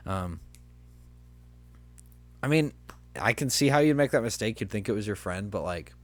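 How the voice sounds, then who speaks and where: Recorded dry with no room echo, a young male podcast co-host talks at normal speed in a voice on the low side. In this casual chat he animatedly recounts something from work, acting out everyone's lines.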